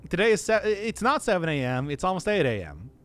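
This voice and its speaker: A man's voice: high voice, sing-song, fairly quick, fairly bright tone. A male streamer chatting casually and playfully with his audience, laughing often. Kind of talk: casual live-stream chat.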